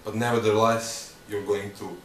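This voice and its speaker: A man teaching drum sticking patterns, counting beats aloud in loose, halting phrasing. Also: fairly low pitch, level tone, a little hiss or hum. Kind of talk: instructional demonstration. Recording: echoey room, mic at a distance, loud clatter.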